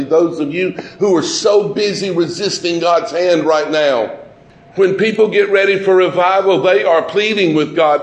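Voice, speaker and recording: A man preaching a sermon as pastor, impassioned and repetitive, slowing down for dramatic emphasis. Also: mid-range voice. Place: church sanctuary. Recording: echoey church room.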